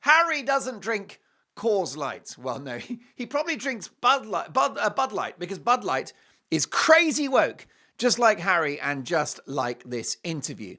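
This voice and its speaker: Brief: man, opinion host; sarcastic monologue, bright tone, big swings in pitch. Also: very animated, measured pace. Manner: sarcastic, mocking, theatrical outbursts. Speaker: talk show host.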